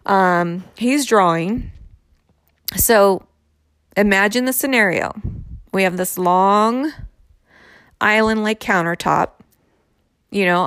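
A woman's voice: medium pitch, fairly bright tone, no echo, studio quality. A woman in her thirties telling a personal story candidly, in a conversational way with frequent fillers.

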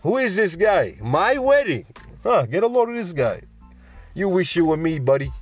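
A man doing a swaggering middle-aged loudmouth who brags and mocks in short jabbing taunts, pitched well up from a plain male voice. The voice is pushy and full of itself. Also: big pitch swings, moderate pace, far from the mic, soft background music. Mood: blustering. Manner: mocking, bragging, jabbing taunts.

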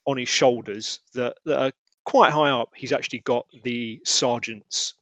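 A man narrating as game master, halting with many fillers. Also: medium pitch, fairly even intonation, a bit bright, no echo. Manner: hesitant, filler-heavy narration.

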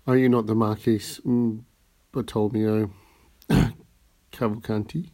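A man's voice: fairly low pitch, little pitch movement, slow, warm tone. A man reading the lines of a composed, courteous rich nobleman in an audiobook.

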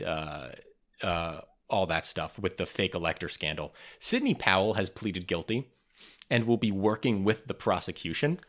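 A man's voice: low-pitched, a bit bright. A man hosting a podcast, going over the week's news in casual chat and reading from notes with frequent ums and restarts. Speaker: podcast host.

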